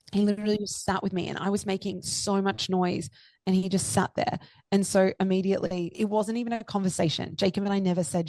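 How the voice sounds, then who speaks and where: A woman's voice: mid-range voice, a little mellow, dry recording. A young woman telling a personal story as a podcast guest, emotional and effusive, with lots of "like" and "you know.". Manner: emotional, effusive, many fillers.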